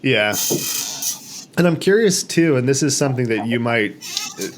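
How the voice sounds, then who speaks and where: Man, podcast movie talk, animated, acts out quotes. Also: medium pitch, normal speed, slight background noise. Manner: animated, acts out quoted lines in raised voices. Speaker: podcast host. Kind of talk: casual movie discussion.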